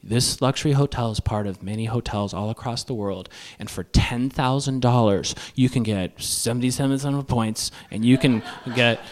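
A man voicing a middle-aged Midwestern timeshare salesman, rambling through a glib pitch. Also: moderate pace, hardly any pauses, lightly acted.

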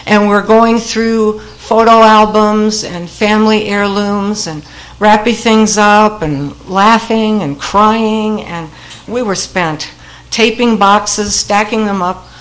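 A woman's voice: mid-range voice, fairly even intonation, takes it slowly, poor audio. Wry older woman telling a family story. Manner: wry and humorous, laughing at her own story. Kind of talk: personal storytelling.

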